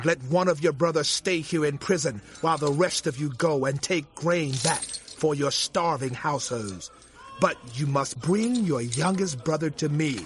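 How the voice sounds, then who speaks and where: A man's voice: on the high side, natural voice. An actor playing a stern, commanding male ruler in an audio drama, speaking in a harsh, accusing way.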